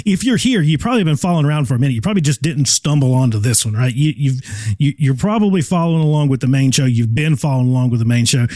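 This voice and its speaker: A man's voice: medium pitch, expressive, racing, mellow, dry recording. A man hosting a casual solo podcast, talking in a folksy, enthusiastic, rambling way from home. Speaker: podcast host.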